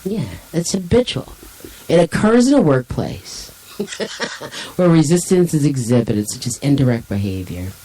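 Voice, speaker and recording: A woman's voice: sits low, big pitch swings, a little slow, warm tone, husky, low-quality recording. A woman co-hosting a casual talk show, chatty and teasing, correcting her partner and reading out definitions. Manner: teasing, talkative, reads aloud. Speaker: co-host. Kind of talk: casual banter.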